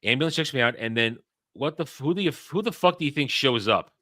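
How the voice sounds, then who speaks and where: A man casually telling a story as a podcast host, profane and animated, with frequent restarts. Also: mid-range voice, quick pace, dry recording.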